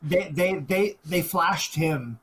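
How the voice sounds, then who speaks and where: A man's voice: on the high side, takes it slowly, a crowd in the background. A man co-hosting a podcast, chiming in with short agreements and dry remarks in casual chat. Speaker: podcast co-host. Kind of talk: casual chat reviewing a film.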